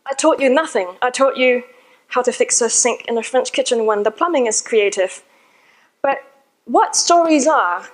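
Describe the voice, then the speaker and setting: A woman addresses a live audience at a conference, recounting a personal story conversationally while making fun of herself and laughing at her own expense. Her slightly high voice moves at a normal speed, captured in a low-quality recording.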